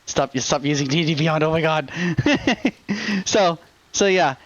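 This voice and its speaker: A man's voice: on the high side, measured pace, lo-fi sound, crowd noise. A man narrating a tabletop game as game master, loose and full of fillers.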